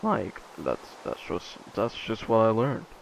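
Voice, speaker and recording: Rambling teenage boy with a gravelly voice. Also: fairly low pitch, very animated, takes it slowly, slight background noise, rough recording. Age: teens. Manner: rambling, many fillers, drifts off mid-thought. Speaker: gaming vlogger. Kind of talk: casual chat while playing a game.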